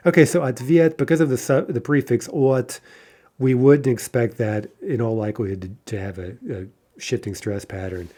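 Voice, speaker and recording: Man, language teacher, mellow dark tone, explanatory, thinks out loud, recorded lecture. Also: mid-range voice, fairly even intonation, moderate pace. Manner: explanatory, thinks aloud, checks in with frequent "right?".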